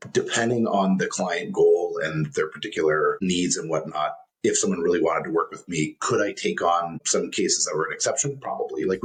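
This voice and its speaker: A deep-voiced male coach co-hosting a podcast. He explains his points in a measured, steady way, with a low voice and an easygoing, conversational delivery. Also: rough recording. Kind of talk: casual podcast chat.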